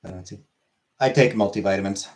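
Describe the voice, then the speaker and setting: Laid-back, lower-pitched man chatting casually. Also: darkish tone. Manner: laid-back, halting, repeats himself. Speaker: livestream host. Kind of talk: casual chat reading chat messages. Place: small room lit by many studio lights.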